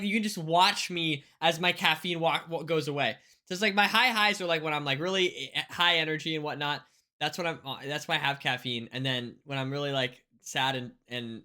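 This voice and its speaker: Female streamer, casual chat with viewers, bright sharp voice, animated and up-and-down. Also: low-pitched. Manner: animated, reads chat aloud, big swings between hyped and mumbly. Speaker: livestreamer.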